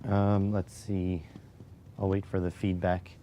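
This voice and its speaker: He speaks deep, slow, and flat, mellow in tone, with a little hiss or hum on the audio. Hosting a relaxed coding stream, he's losing his voice and murmurs to himself between responses to chat. A clip-on mic sits near his chest.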